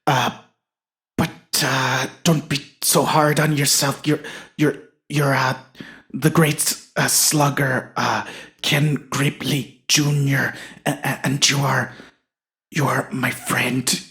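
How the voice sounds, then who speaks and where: A man's voice: medium pitch, level tone, bright, forceful tone, pitched below the performer's own voice. A man voicing a gloomy, hesitant older man with a solemn oddball manner who halts and restarts often, in a comedy sketch. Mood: earnest. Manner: halting, full of uh and restarts.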